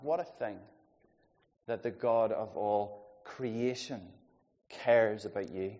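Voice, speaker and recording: A man preaching a sermon, his mellow, darkish voice rising to loud emphasis and falling to soft asides. The sound is dull and carries a long reverb from a church hall. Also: mid-range voice. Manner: lively, swings between loud emphasis and quiet asides. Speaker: pastor.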